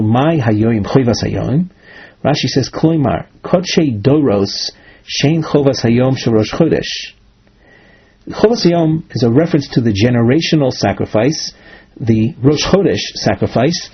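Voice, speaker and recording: Talmud teacher, male, husky, middle pitch, reads and translates on a muffled recording. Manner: reads Aramaic phrases then translates. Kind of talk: text-based lecture. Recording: dull lo-fi recording.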